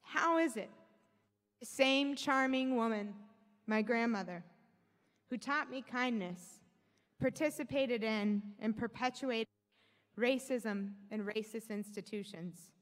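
This young Alabama policy analyst takes things slowly in a slightly high voice while addressing an audience from the stage of a large hall. Her talk is candid, joking and then earnest, and the room echoes.

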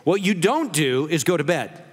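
Male pastor, humorous sermon, chatty storytelling, high voice, long church reverb. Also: very animated, normal speed, breathy edge. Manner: conversational storytelling with jokes. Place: church sanctuary.

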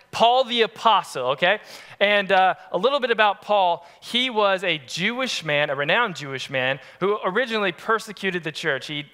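A pastor in his adult years preaches a sermon, spinning a comic story and tossing playful asides to his listeners. His voice sits high for a man and has a bright, sharp ring to it.

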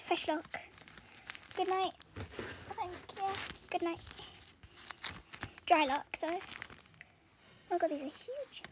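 A teenage British girl with a very high voice talks softly and rambles in a casual vlog, breaking into little giggles. Loud crinkling and rustling of packaging sits clearly behind her words. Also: slow pace, long pauses, background noise. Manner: soft-spoken, rambling and giggly. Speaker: vlogger. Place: bedroom floor strewn with stationery.

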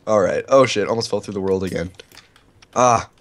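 A man with a stuffy nose giving casual gameplay commentary, excitable and often swearing and laughing. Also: on the low side. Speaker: gaming channel host.

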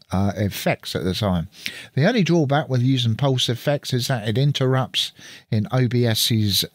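A man's voice: lowish voice, dry recording. A man chatting casually as he walks through a computer setup on screen, thinking aloud as he works, recorded on a studio mic through an audio interface. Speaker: channel host.

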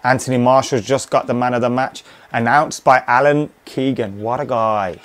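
Excitable young man commentating a game. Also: medium pitch, normal speed. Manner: excitable, cheering and swearing at the game. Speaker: gaming commentator. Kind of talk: casual live gameplay commentary.

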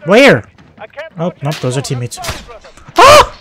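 A man giving live commentary as he plays a shooter game, swinging between shouting at enemies and muttering to himself. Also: fairly high pitch, unhurried. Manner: excitable, yelps and shouts at enemies, then mutters. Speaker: gaming channel host.

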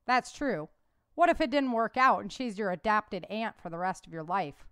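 A woman's voice: medium pitch, animated, moderate pace, clean tone, no echo, clean studio sound, lightly acted. A woman doing Johnny, a teasing young guard. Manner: teasing slangy banter. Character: young man, joking laid-back guard.

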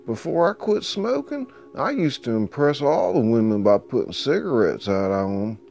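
A man's voice: mid-range voice, very animated, moderate pace, creaky, a little mellow, pitched above the performer's own voice. A man voicing a tough veteran dockworker who ribs newcomers with crude jokes. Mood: teasing. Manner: ribbing, crude joking. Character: teasing veteran male dockworker, tough and gruff.

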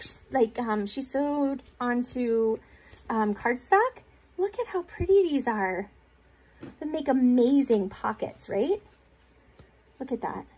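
A woman's voice: on the high side, big pitch swings, slow, pauses often, a little mellow, slightly rough. A woman hosting a crafting vlog, gushing and rambling as she shows off gifts she received in the mail. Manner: gushing, rambling with fillers and restarts. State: tearful, holding back crying. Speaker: crafting video host. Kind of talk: casual show-and-tell of mail.

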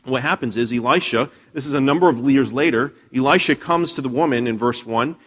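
A man's voice: mid-range voice, fairly quick, fairly bright tone, husky. A man preaching a sermon in a church, telling a Bible story conversationally with frequent restarts and questions to the congregation. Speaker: pastor.

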